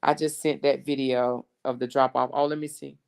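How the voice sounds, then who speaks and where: Woman host with a smooth but gravelly voice, casual chatty commentary. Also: rumbling low, little pitch movement, normal speed, a little mellow. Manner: chatty, repeats herself for effect.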